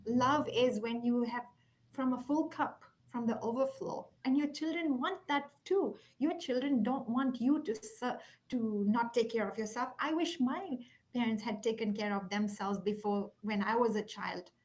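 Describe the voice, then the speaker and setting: A woman's voice: fairly high pitch, moderate pace. A woman speaking earnestly and reflectively, telling a personal story, sometimes dropping almost to a whisper. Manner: earnest, reflective, softens to near whispers at key points. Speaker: guest speaker. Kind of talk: heartfelt conversational storytelling.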